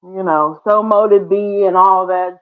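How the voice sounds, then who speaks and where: Brief: playful woman hosting a live chat, middle pitch, laughing easily, thin phone-like audio. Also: steady tone, a little slow. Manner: chatty, laughs often, playful asides. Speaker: livestream host. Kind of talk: casual live-stream chat. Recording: tinny phone-like sound.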